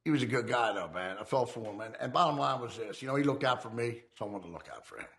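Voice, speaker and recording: Gravelly-voiced man telling a crime story. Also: mid-range voice, expressive, quick pace, a bit bright. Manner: profane, streetwise, acts out quoted voices. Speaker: former criminal telling his life story.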